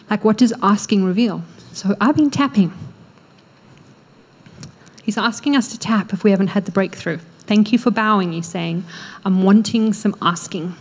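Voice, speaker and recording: An Australian woman preaching a sermon in a church, acting out quoted prayers with animated energy. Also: mid-range voice, husky. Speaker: pastor. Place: church hall.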